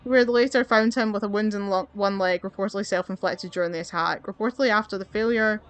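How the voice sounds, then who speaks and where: A woman's voice: mid-range voice, fairly even intonation, quick pace, fairly bright tone. A young woman hosting a let's play, ranting in an exasperated way and swearing as she plays and reads up on history. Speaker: gaming channel host.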